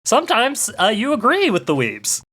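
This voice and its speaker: A man hosting a casual podcast speaks with a bright, forceful tone and an animated pitch. He teases his co-host and sets up questions. His pitch moves around a lot as he talks. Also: breathy edge. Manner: teasing, quick to laugh, asks leading questions. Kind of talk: casual chat.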